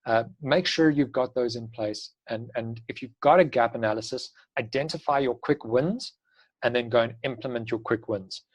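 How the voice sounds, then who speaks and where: A man giving an online class lecture in a brisk, practical, advisory way. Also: mid-range voice, rough recording. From South Africa. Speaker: instructor.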